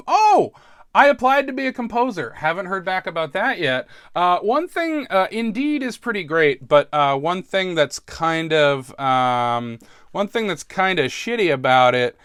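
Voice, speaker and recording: A man's voice: high-pitched, big pitch swings, a little slow, fairly bright tone, clear, resonant tone, dry recording, studio quality. A man talking casually in a rambling, self-deprecating way, often laughing and restarting his sentences, sounding stressed. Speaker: podcast host.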